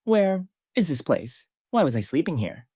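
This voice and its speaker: A man's voice: a little high, moderate pace, husky, dry recording, clean studio sound, pitched above the performer's own voice. A man reading a cold teen fighter. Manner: calm, cold questioning. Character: cold, commanding male high-school fighter.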